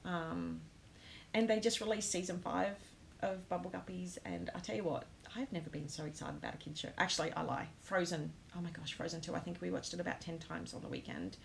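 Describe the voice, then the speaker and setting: A woman hosting a casual live stream, talking straight to her viewers and reading their comments. Her voice carries a gravelly edge, and she fills her pauses with ums. A faint hum sits in the background. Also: lowish voice, rough recording. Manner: emotional, many ums, talks to comments. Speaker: host of a planner live stream.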